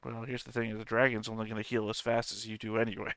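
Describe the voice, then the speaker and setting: A man's voice: fairly low pitch, flat delivery, quick pace, a bit bright, smooth, no room sound. A man playing a tabletop game, joking and wisecracking with the table. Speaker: player. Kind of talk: casual tabletop banter.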